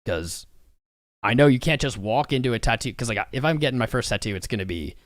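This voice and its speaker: A man's voice: medium pitch, lively intonation, fast, no echo. Guy rambling to his chat on a live stream, jokey and blunt, dry close sound. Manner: rambling, talks to chat viewers; frank and joking.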